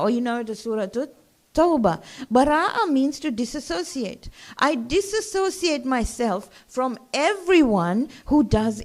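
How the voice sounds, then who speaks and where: A woman giving a religious lecture to a gathering, in a conversational way that keeps checking in with her listeners. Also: on the high side.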